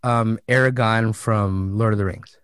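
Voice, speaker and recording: A man chatting casually as a podcast co-host, telling a story in an animated way and laughing often. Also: lowish voice, a little slow, smooth, no room sound. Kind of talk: casual chat.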